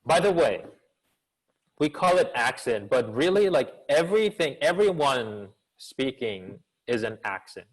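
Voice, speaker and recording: A man of middle pitch answers questions over a video call, speaking as a communication coach. He talks with an actor's expressive energy and keeps asking rhetorical questions to draw his listeners in. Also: a little slow, husky, low-quality recording. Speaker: business school professor and communication coach. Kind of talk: answering questions in an online seminar.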